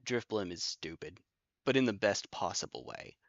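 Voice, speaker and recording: A man's voice: fairly low pitch, lively intonation, moderate pace, no room sound, highs cut off. A man streaming online battles, joking and thinking aloud in casual commentary with lots of repeats.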